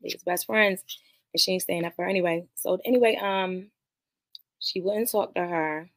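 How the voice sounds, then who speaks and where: A woman's voice: lowish voice, steady tone, moderate pace, a little hiss or hum. Rambling, profane woman recapping a movie. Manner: rambling, profane, talks straight to viewers; nervous about streaming live. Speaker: podcast host reviewing a movie.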